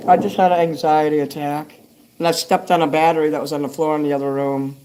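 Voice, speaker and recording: A man's voice: on the high side, little pitch movement, fast talker, a little mellow, a little hiss or hum. An older man hosting a casual livestream, chatting in a meandering way, swearing freely and answering viewers' comments. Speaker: livestream host. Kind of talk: rambling livestream chat.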